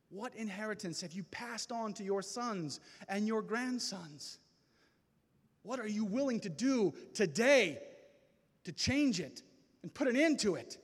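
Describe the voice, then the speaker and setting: High-pitched impassioned male preacher in a hall. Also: animated. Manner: impassioned, preacherly with slow dramatic pauses. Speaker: speaker at a men's gathering. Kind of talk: testimony sermon. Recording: reverberant hall.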